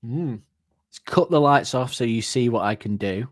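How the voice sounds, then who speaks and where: A man's voice: mid-range voice, lively intonation, moderate pace, no echo, clean studio sound. Laughing man hamming up lyrics. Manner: playful, laughs often, acts out silly cartoon voices. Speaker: podcast co-host. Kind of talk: comedic lyric breakdown.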